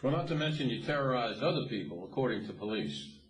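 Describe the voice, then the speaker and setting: A man's voice: medium pitch, lively intonation, fast, reverberant, recorded from a distance, low-quality recording. A man reporter asking probing, skeptical questions in an interview. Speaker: TV news reporter.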